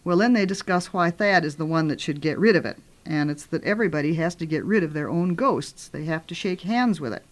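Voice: mid-range voice, fairly quick, hardly any pauses. An author reading from their own book aloud and retelling the story in a homey, conversational way.

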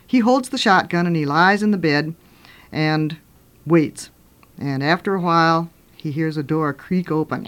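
A woman's voice: low voice, measured pace. Older woman telling spooky stories. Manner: animated, dramatic storyteller with sudden loud and hushed turns. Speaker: radio host and children's author. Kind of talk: storytelling on radio.

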